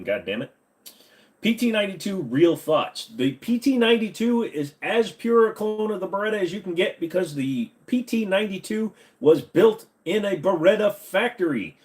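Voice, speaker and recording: A man's voice: on the high side, darkish tone. A man hosting a casual live stream from his home computer room at a desk mic, answering viewer questions with jokes. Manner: slips into a bad Southern accent. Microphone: desk microphone.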